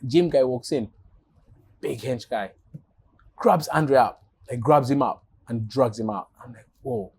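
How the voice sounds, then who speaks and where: A man from Africa telling a lively story as an interview guest, acting out voices and laughing often. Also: medium pitch, unhurried, long pauses, husky. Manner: animated, acts out dialogue, laughs often. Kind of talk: casual storytelling.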